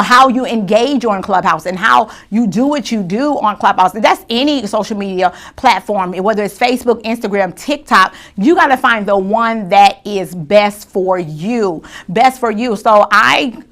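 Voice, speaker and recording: A woman's voice: medium pitch, moderate pace, hardly any pauses. Chatty woman hosting a faith talk show. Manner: lively and chatty, shifting to soft and quiet when grieving. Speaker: show host.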